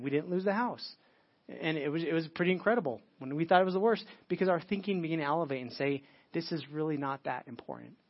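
A man's voice: high-pitched, lo-fi sound. A middle-aged male pastor preaching a sermon in a casual, conversational way, acting out quoted dialogue.

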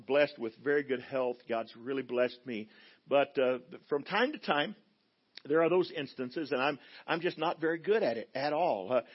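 A middle-aged man, a guest pastor, preaching a sermon in a church, telling a story and moving from quiet asides to loud, emphatic passages. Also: mid-range voice, dull audio. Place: church sanctuary.

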